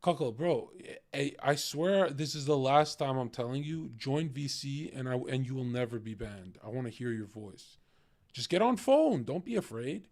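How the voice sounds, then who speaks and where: A man's voice: mid-range voice, normal speed, hardly any pauses, a little mellow, no room sound, clean studio sound. A man hosting a livestream, talking casually, swearing a lot and taunting his chat. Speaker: livestream host.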